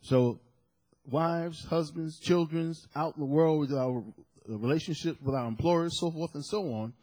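A man preaching a sermon as pastor, animated and storytelling, with shouted sound effects. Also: on the high side, normal speed, low-quality recording.

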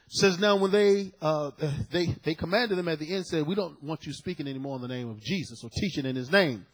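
Husky preacher man with wild dynamics. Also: brisk, low-quality recording. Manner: swings from soft low asides to loud shouted peaks. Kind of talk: sermon.

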